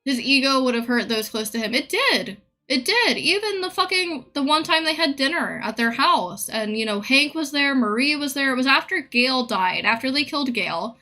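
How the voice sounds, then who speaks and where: A woman's voice: high voice, expressive, normal speed, few pauses, bright, forceful tone. A woman streamer in a casual live-stream rant, blunt, profane and opinionated.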